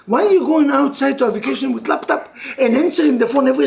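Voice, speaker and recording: A man, a rabbi, giving an animated and joking class to couples. He mixes Hebrew terms into non-native English and moves between loud outbursts and hushed intensity. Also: very high voice, fast, gravelly, few pauses. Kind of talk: lively religious class for couples.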